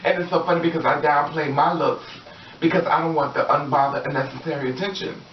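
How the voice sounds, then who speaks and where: A woman vlogger talks to camera in a casual monologue, sassy and profane, laughing a lot and acting out what people said. Her voice is low and fairly even in intonation, and she talks fast. The audio is roomy, distant, dull and lo-fi, with a little hiss or hum.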